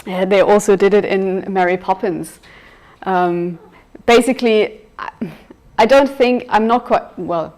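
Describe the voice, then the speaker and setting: A woman leads a university seminar over a video call, explaining at an easy conversational pace. She fills pauses with ums and often restarts her sentences. Her voice sits at a middling pitch. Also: a little mellow. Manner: conversational, many fillers and self-corrections. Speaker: university lecturer. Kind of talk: seminar lecture with discussion.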